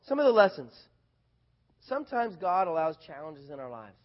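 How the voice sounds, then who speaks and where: A man preaching a casual sermon, animated, swinging from loud bursts to quiet asides. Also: on the high side, normal speed, dull audio.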